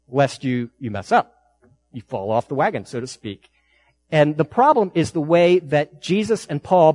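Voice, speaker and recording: Male preacher, higher register, casual and animated, pushes key lines up hard. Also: no echo. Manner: conversational, animated preaching with emphatic rises. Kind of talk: sermon.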